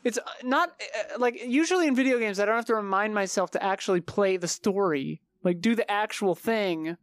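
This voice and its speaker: Woman guest, casual chat, animated and laughing, mid-pitched, dry close sound. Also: no room sound. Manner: animated, laughs often, quick asides.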